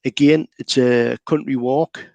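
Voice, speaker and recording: A man with a Geordie accent explaining local words and places in a relaxed, chatty way, with plenty of fillers. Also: medium pitch, unhurried, gravelly, highs cut off, slight background noise. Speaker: local guide. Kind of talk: casual explanatory chat.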